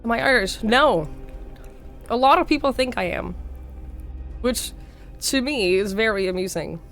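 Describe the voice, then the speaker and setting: A young woman from Norway with a slight Norwegian accent, speaking hoarsely while sick, chatting casually on a live stream and thanking viewers by name. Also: fairly high pitch, animated, a little slow, fairly bright tone, faint music behind. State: hoarse, sick with a sore throat.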